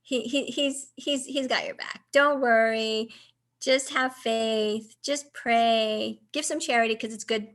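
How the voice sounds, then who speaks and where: A woman's voice: a little high, takes it slowly. A woman in her forties telling a personal story as an interview guest, acting out the dialogue with lots of casual fillers. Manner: animated, acts out quoted dialogue; frequent "like" and "you know" fillers.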